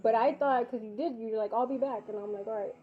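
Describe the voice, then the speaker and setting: A woman's voice: fairly high pitch, fast. A woman casually telling a personal story as a mother, acting out the dialogue and swearing freely. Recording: dull lo-fi recording.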